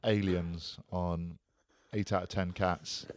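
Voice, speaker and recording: A man's voice: sits low, little pitch movement, takes it slowly. A man co-hosting a podcast, telling stories in an enthusiastic, rambling casual chat. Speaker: podcast co-host.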